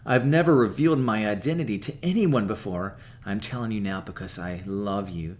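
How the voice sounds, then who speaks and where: A lovesick young superhero, voiced by a man, meek and stammering. The pitch is pushed far above the man's usual voice, sheepish and earnest throughout. Played broadly for comedy in a retelling of a comic book scene. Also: animated, normal speed, creaky.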